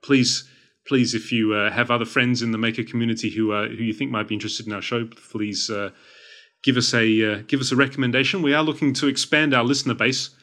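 A man's voice: mid-range voice, fairly even intonation, fast, a bit bright. A man with an Australian accent, co-hosting a podcast in casual, meandering chat with a self-deprecating streak. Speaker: podcast co-host.

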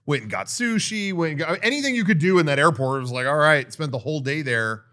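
A man hosting a casual podcast, telling animated stories and acting out the people in them. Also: a little high, fast. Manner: animated anecdotes, acting out quoted voices. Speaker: podcast host. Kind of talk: casual chat.

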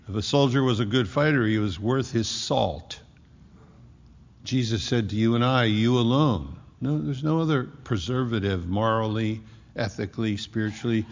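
A man preaching a sermon, emphatic, slowing down to stress key words. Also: mid-range voice, vocal fry. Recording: muffled hall recording with long echo.

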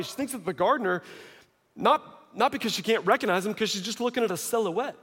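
High-pitched guy preaching, acts out the voices, big echoey hall. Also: fast talker. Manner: animated storytelling, acting out quoted voices. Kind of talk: sermon. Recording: long hall reverb.

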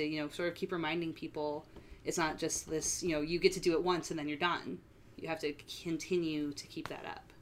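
A young woman with a notably low voice talks easily as a podcast guest. Her speech is relaxed and chatty, full of small fillers, like someone sharing her own story among friends. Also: slight background noise. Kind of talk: casual podcast conversation.

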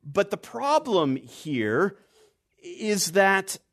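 With a sing-song quality, a man preaches an expository sermon. He emphasizes key words with deliberate stress, and his phrases end in a low, quiet fall.

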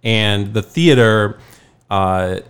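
A man with a lower voice tells a story on a casual podcast. He rambles a bit, backtracks and chuckles along the way. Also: very slow, fairly bright tone, smooth. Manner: rambling, laughing, self-correcting storyteller. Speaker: podcast co-host.

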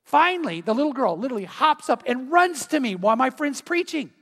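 Male pastor, high voice, animated storyteller, church hall reverb. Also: fairly quick. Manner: storytelling, lively and emphatic. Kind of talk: sermon. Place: church sanctuary.

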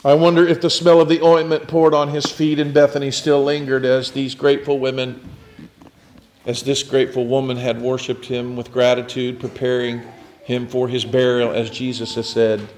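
Retelling scripture in a thoughtful, story-like manner, a mid-range-voiced man preaches and frequently drops almost to a whisper. There's slight background noise.

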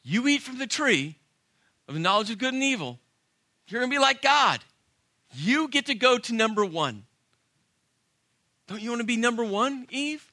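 A man's voice: very high voice, sing-song, moderate pace, pauses often, pushed and bright, dry recording, clean studio sound, voice pushed up, full character voice. A man voicing a sarcastic male serpent in a sermon retelling, with a mocking, wheedling manner. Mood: coaxing. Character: sly sarcastic male serpent, coaxing tempter.

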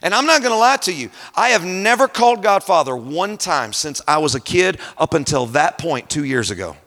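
A male preacher delivers a dramatic sermon in a bright, fairly high voice. He drops low and quiet to read scripture, then surges loud and emphatic to tell his story. His voice rings with long reverb through a large conference hall. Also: big pitch swings, normal speed.

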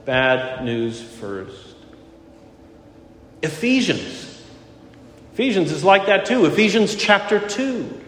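A man's voice: high voice, sing-song, slow pace, long pauses, a bit bright, a little hiss or hum. Man preaching in an echoey hall. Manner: earnest preaching, repeating key phrases for emphasis. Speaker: pastor. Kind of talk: sermon. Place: church sanctuary.

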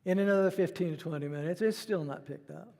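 Middle-aged pastor guy preaching casual-like, fairly high voice, big echoey hall. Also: fast, gravelly, darkish tone. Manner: conversational preaching, acts out quoted voices. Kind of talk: sermon.

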